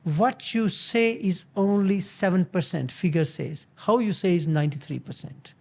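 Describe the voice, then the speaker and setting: An older man hosting his own show, giving earnest, motivational business advice in a halting way, often restarting and repeating words. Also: high-pitched, vocal fry. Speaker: business founder and show host.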